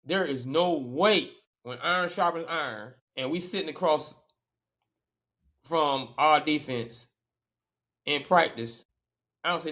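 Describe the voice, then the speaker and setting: Emphatic, animated male sports podcaster. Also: fairly high pitch, slow pace, pauses often. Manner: animated, emphatic, repeats phrases for effect. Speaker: podcast co-host. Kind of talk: casual sports chat.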